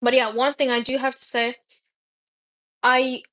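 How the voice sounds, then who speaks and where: Woman streamer, Russian first language, higher voice, loose rambling chat with restarts. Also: flat delivery, a little slow, fairly bright tone. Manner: rambling, restarts words, laughs often. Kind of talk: casual chat.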